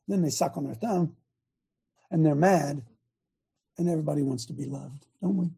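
An older man from Ohio preaching a folksy, blunt sermon, swinging between loud emphatic bursts and quiet asides. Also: fairly high pitch, expressive, normal speed, vocal fry, pauses often, slightly rough.

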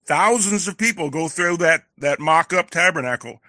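A man calling into a faith talk show, explaining things in a measured, conversational way. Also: fairly high pitch, expressive, sharp tone, no room sound, clean studio sound. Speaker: caller. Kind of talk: casual chat.

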